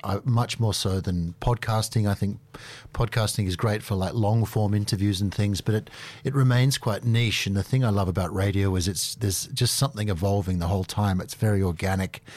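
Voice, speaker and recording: A man's voice: on the low side, normal speed, a little mellow, dry recording. A man answering questions as a guest in a radio studio, earnest and enthusiastic. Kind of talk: interview answers.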